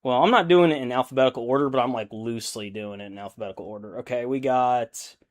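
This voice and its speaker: During a casual live stream, a young adult man paints miniatures while chatting, rambling, thinking out loud, and laughing easily. He talks fast at a medium pitch.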